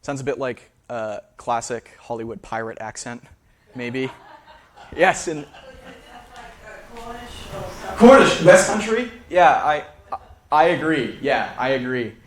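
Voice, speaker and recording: A man's voice: medium pitch, expressive, unhurried. A man, a linguist, giving a public lecture in a theater, hesitant and full of fillers and restarts.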